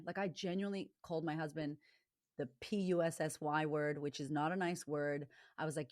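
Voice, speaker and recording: Low-voiced middle-aged woman guest, blunt and frank, dry close sound. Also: steady tone, a little fast, a little mellow, no echo. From Latina, grew up in a rough neighborhood. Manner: blunt and frank, swears freely. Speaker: guest, confidence coach. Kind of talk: candid interview talk.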